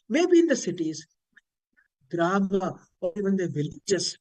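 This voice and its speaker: A man speaks at a slow, deliberate pace, teaching in an online spiritual lecture. He explains patiently and chants Sanskrit words aloud to demonstrate rising and falling intonation, as heard over a video call. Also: sits high, sing-song, darkish tone, low-quality recording. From India.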